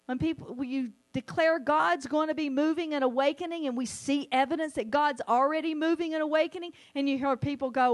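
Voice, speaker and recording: A woman preaching a sermon, animated, sometimes acting out the voices she quotes. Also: high-pitched, fairly quick.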